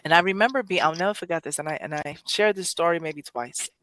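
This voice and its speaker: A woman's voice: fairly low pitch, animated, fast, a bit bright. A woman hosting a poetry podcast, speaking emotionally in casual chat, rambling with many restarts and self-corrections. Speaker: poetry show host.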